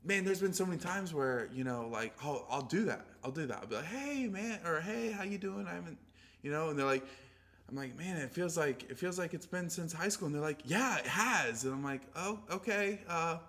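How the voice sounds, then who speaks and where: A man's voice: on the high side, expressive, brisk, a bit bright. A young man in a casual chat, rambling and self-mocking, swearing freely.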